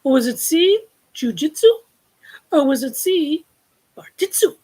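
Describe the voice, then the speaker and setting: A woman's voice: high voice, unhurried, poor audio. A woman author who chats playfully and reads from her novel during a live book launch. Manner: playful, chatty, animated.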